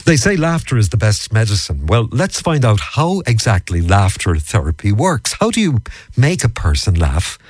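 A man's voice: on the low side, very animated, moderate pace, dry recording. A man hosting a radio talk show, friendly and conversational as he interviews a guest. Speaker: radio host.

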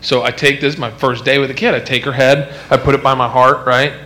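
A man's voice: mid-range voice, flat delivery, a little fast, sharp tone. A man doing stand-up comedy, talking in a loose, rambling way full of "like" and acting out little voices. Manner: rambling, lots of "like" fillers, acts out voices.

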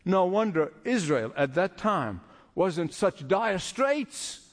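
A man's voice: sits high, very animated, takes it slowly, big-room sound. A man preaching a sermon, emphatic and repeating phrases for stress.

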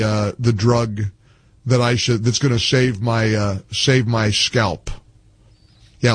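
A middle-aged man hosting call-in talk radio, animated, jokey and easily exasperated. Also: medium pitch, no echo. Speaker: radio talk show host.

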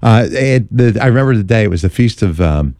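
Middle-aged male radio host, lively storyteller; low, mellow voice, dry close sound. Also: fairly quick, dry recording. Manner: lively storyteller who acts out quoted voices. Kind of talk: telling his career story in an interview.

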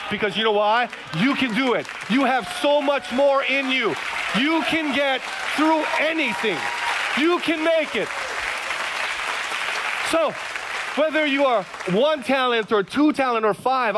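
A middle-aged man, a pastor telling a story in a sermon, animated and given to repeating himself. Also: very high-pitched, a little slow, crowd noise, noisy background. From Hawaii's Big Island. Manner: animated, repeats phrases, stammers into restarts.

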